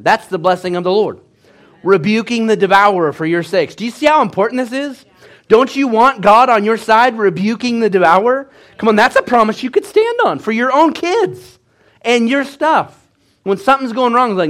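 A man preaching a sermon as pastor, telling stories with animated swings between hushed and loud delivery. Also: high-pitched, moderate pace.

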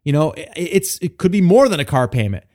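A man's voice: on the high side, very animated, fairly quick, darkish tone. A man hosting a podcast on his own, talking casually and thinking aloud, with lots of fillers. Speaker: podcast host. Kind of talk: solo podcast talk, reading a listener post.

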